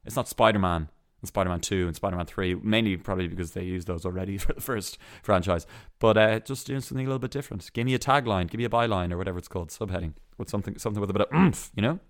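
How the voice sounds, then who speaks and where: Man, podcast host, sarcastic chatty asides, deep voice, dry close-mic sound. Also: very fast, dry recording. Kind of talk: casual solo entertainment news chat.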